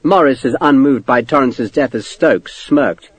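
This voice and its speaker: A man narrating an audiobook in an expressive, varied delivery. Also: mid-range voice, unhurried, hardly any pauses, breathy edge, no echo, poor audio. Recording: dry close studio recording.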